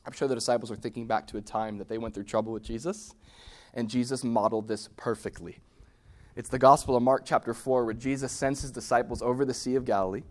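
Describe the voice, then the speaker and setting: A man preaching a sermon, swinging from loud, emphatic peaks to hushed, near-whispered lines. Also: medium pitch. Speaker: pastor.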